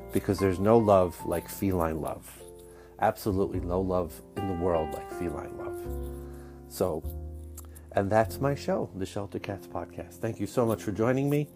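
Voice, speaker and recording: A man's voice: fairly low pitch, dark tone. A man hosting a podcast, talking in a chatty, enthusiastic, rambling way, his voice scratchy from a stomach bug. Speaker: podcast host. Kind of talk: casual podcast intro.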